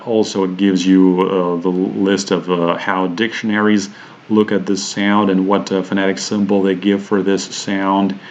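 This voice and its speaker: Man, pronunciation teacher: deep monotone, hesitant with fillers, muffled recording. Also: slight background noise. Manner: halting, many "uh" fillers, slows to spell out example words. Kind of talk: screen-share teaching walkthrough.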